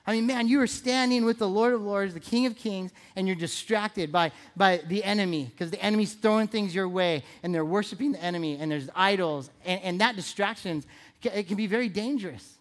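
A pastor preaching a sermon in a relaxed, chatty way, asking the congregation questions and repeating key phrases for emphasis. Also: medium pitch, a little fast. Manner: conversational, playful, asks the audience questions.

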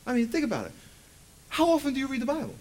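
Man in his forties, bright high voice, preaching to a church; casual and funny, keeps asking the room questions. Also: racing. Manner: lively, joking, asks the congregation rhetorical questions. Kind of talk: conversational sermon.

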